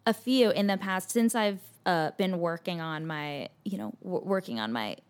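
A young adult woman chatting casually as a podcast guest, animated and full of restarts and fillers. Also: on the low side, normal speed. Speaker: podcast guest, actress and author. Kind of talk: casual chat.

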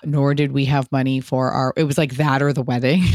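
A woman's voice: rumbling low, normal speed, dry recording. Woman host, 30s, solo podcast, blunt and profane, clean dry close-mic sound. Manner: candid, profane, animated storytelling. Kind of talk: casual solo podcast answering listener questions.

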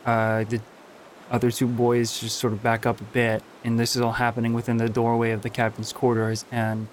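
A man narrating a tabletop role-playing game as game master, slow and dramatic with pauses, faint hiss behind. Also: mid-range voice.

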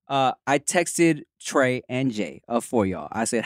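A man's voice: medium pitch, very animated, measured pace, hardly any pauses, dry recording, studio quality. A man with a Los Angeles accent, co-hosting a podcast in casual chat, slangy and laid-back, laughing often. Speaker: podcast co-host.

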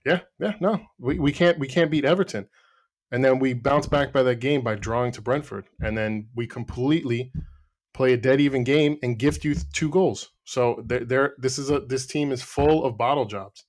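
A man's voice: mid-range voice, normal speed. A man co-hosting a football podcast, blunt and sarcastic, swearing as he argues his team has choked. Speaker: podcast co-host, Arsenal fan. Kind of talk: heated casual football debate.

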